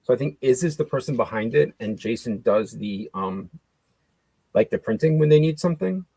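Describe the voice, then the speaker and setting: A man's voice: medium pitch, lively intonation, moderate pace, mellow, no room sound. A man in his forties chatting casually and rambling while painting, often cutting himself off and swearing. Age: 40s. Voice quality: gravelly.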